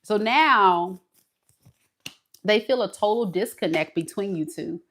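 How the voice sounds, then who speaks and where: A woman giving a casual tarot reading straight to the viewer, expressive and dramatic as she acts out what the other person thinks. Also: mid-range voice, slow pace. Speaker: tarot reader.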